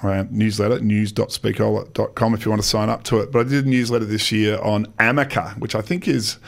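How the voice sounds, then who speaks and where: A man talks about speeches in a radio studio, his voice a little low. He is chatty and loose, restarting phrases and laughing between points. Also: level tone, fairly quick, creaky. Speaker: speech-site founder, radio guest. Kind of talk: casual radio chat.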